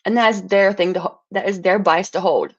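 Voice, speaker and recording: A woman's voice: mid-range voice, a little fast, muffled recording. A woman livestreaming an angry, profane rant, stumbling and restarting words as she gets heated.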